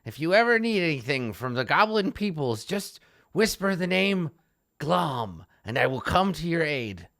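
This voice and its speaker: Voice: very animated, a little slow, vocal fry, fairly bright tone, full character voice. A game master voicing a scrawny, half-starved female goblin, brash and pushy, in a tabletop game. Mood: cocky. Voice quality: very high, squeaky. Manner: brassy and pushy.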